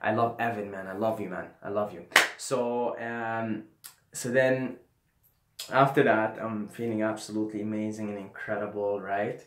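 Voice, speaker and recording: Young man, casual storytelling, animated, swears, sometimes mumbles, echoey room. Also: on the low side, moderate pace, a little hiss or hum. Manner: animated, swearing, drops to mumbling and whispers when quoting himself. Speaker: vlogger. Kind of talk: casual storytelling trip report.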